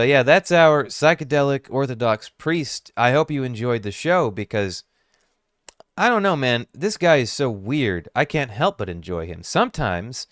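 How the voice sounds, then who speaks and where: A man's voice: medium pitch, fairly bright tone, no echo. A man giving casual reaction commentary, musing wryly and thinking aloud on a close microphone. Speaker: YouTube commentator.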